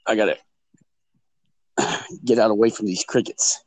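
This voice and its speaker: A man's voice: on the low side, fairly even intonation, a little slow, darkish tone, no room sound. A man co-hosting a podcast over a remote call from outdoors, chatting casually, laughing often and stammering on restarts. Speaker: podcast co-host. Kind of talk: casual banter. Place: outdoors at night among crickets.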